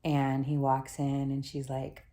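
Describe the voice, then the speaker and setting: A woman's voice: rumbling low, monotone, unhurried, dark tone. A young woman casually recapping a TV episode, rambling and slangy with lots of fillers like "um" and "like.". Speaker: TV show recap vlogger. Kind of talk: casual spoken show recap.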